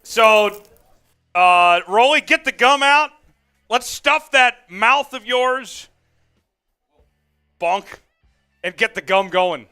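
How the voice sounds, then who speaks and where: Hosting a live stream to watch sports along with viewers, this man is hyped, narrating the plays and reading their comments. His extremely high voice has lively intonation and a sharp yet smooth tone, and he talks slowly with long pauses over soft background music.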